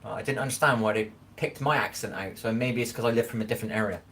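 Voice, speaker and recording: With a fairly low, fairly bright voice and a quick pace, a man from Scotland rambles on a casual live stream in his home kitchen. He often checks he's understood by asking "do you know what I mean," and there's slight background noise.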